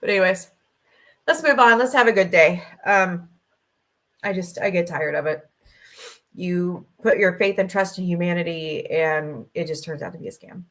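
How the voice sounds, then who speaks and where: A middle-aged woman, a podcast host, livestreams casually from home into her laptop microphone. Her voice is on the low side and fairly bright, at normal speed, as she vents emotionally and is tearful at times.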